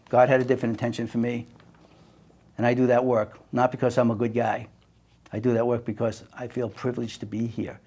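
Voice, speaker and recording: An older man from the United States speaking straight from the heart in an emphatic monologue. His voice sits at an ordinary middle pitch, and he moves between forceful bursts and quiet, hushed stretches. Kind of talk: impassioned personal monologue.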